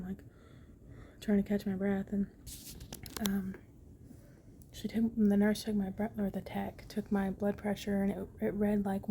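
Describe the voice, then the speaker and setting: Tired young woman vlogging, flat and gravelly. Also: mid-range voice, slight background noise. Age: young adult. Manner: chatty, tired and a bit grouchy, lots of fillers. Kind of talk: casual hospital update vlog. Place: hospital room.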